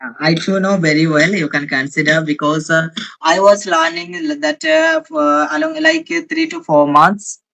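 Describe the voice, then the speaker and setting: A man's voice: high-pitched, expressive, gravelly, sharp tone, recorded from a distance, poor audio. A man with an Indian accent, an English learner speaking hesitantly in a casual practice conversation. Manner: hesitant, with many fillers and halting restarts.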